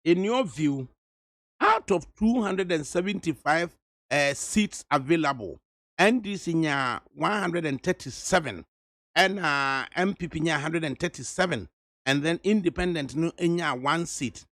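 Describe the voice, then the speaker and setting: A man's voice: fairly high pitch, animated, unhurried, fairly bright tone, no room sound. A man with a Ghanaian accent, hosting a radio interview and pressing his guest with probing questions in Twi and English. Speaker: radio host. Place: radio studio.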